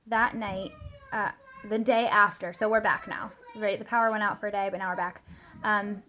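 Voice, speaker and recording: Chatty mom telling a story. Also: female voice, mid-range voice, slight background noise. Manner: chatty, lots of fillers and "like", quotes her child in a small soft voice. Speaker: mother sharing a product story. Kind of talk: casual vlog storytelling.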